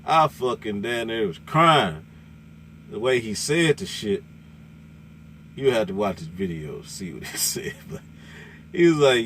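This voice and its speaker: A man, a truck driver ranting loudly and cursing in casual talk from inside his truck cab. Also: fairly low pitch, big pitch swings, a little slow, long pauses, slight background noise. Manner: loud, cursing, repetitive, laughing. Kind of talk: profane casual rant.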